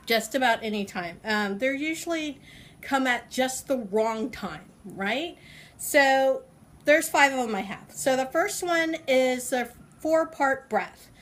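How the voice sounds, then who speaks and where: A woman in her forties chats through a casual self-help vlog in a fairly high voice. She laughs easily and stretches her words out as she talks. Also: a bit bright. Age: 40s. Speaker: vlogger. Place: outdoors on a balcony.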